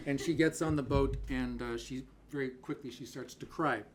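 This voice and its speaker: A man's voice: mid-range voice, steady tone, moderate pace, few pauses, noisy background. A man from Newfoundland introducing a French folk song at a house concert with dry, wry humor. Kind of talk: casual stage banter at a concert. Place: living room house concert.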